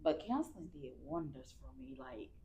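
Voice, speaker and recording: A woman's voice: low-pitched, normal speed, gravelly, lo-fi sound. A woman in her thirties, a guest speaking candidly and colloquially in an interview. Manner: candid, animated storyteller with colloquial speech. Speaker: guest, cancer survivor. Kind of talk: casual interview conversation.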